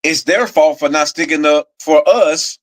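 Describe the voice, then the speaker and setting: A man, the co-host, giving his views in a casual chat in a measured, thoughtful way. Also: fairly high pitch.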